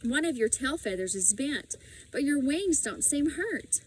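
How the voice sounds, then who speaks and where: A woman voicing a gentle, coaxing young girl. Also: sits high, very animated, unhurried, a little hiss or hum, voice pushed up. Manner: soft, coaxing.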